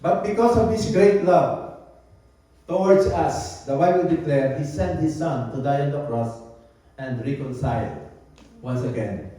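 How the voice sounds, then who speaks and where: A man's voice: a little high, measured pace, warm tone. A man preaching a sermon, repeating his points and slipping into phrases. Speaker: pastor. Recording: very echoey church hall, voice from a distance.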